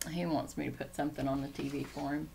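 A woman's voice: sits low, flat delivery, quick pace, creaky, background noise. A woman chatting casually in a home vlog, rambling and easily sidetracked as she talks. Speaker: Christian vlogger. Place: home room.

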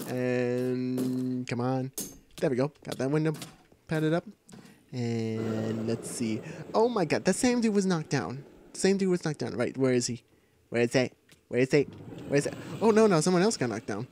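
Excitable gaming man, lively voice. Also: medium pitch, normal speed. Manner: excitable, repeats short calls. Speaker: gamer. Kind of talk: live gameplay commentary. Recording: noisy home recording.

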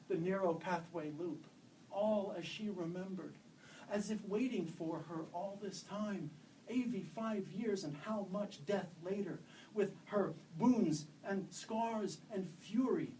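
A male author reading his own fiction aloud at a live event, in steady, measured narration. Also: on the high side, distant mic, slight background noise, rough recording. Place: event room.

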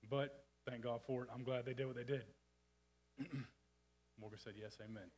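A man's voice: mid-range voice, fairly even intonation, moderate pace, very noisy. A man preaching a casual, folksy sermon in a church, with frequent restarts and asides. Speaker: church speaker. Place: church sanctuary.

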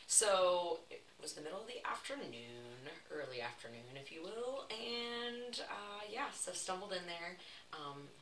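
A young Southern woman with a low voice chats and laughs through a story as she bakes. She is heard from some distance in an echoey room, with clear noise behind her. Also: animated, a little slow. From Texas. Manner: chatty, laughing, playful asides. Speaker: vlog host. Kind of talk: casual storytelling while baking.

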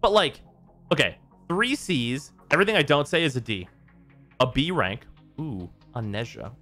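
A man with a mid-range voice hosts a gaming stream at a normal speed, faint music playing behind him. He rants in casual chat, exasperated and animated, swearing a lot.

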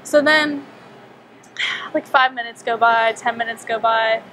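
A young woman telling a personal story to a small group, animated and chatty, acting out her own thoughts and saying "like" a lot. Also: fairly high pitch, a little slow, a little hiss or hum. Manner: animated, acts out her own inner voice, frequent "like". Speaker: wellness speaker. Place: small meeting room with a group.

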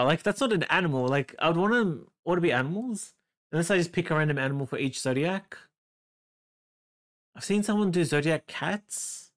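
An artist with an Australian accent chats on a livestream while drawing, with a voice of middling pitch. The talk is loose and friendly, jumping up in excitement when reading viewers' messages and dropping to low muttering while working. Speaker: artist streaming a drawing session. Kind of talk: casual livestream chat.

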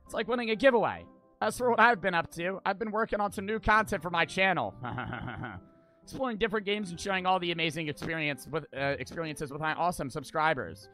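A man's voice: high voice, lively intonation, fairly quick, bright, forceful tone, faint music behind. A man doing a chirpy drawling YouTuber. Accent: put-on American country drawl. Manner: chirpy, over-eager. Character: upbeat male YouTuber homeowner.

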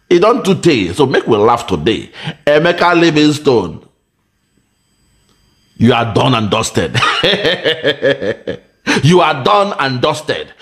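A Nigerian man giving mocking commentary, laughing and taunting in a sing-song way. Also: medium pitch. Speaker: online commentator.

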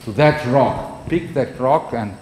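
A man's voice: medium pitch, takes it slowly, a little mellow. A male university professor with an Italian accent giving a classroom lecture, conversational and checking in with the class often. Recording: echoey lecture hall, faint noise.

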